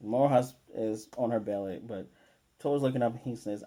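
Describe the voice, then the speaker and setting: Mellow-voiced man rambling through an anime recap. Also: medium pitch, normal speed. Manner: rambling recap with restarts, quoting lines in a flat voice. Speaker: anime reviewer. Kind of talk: casual episode recap.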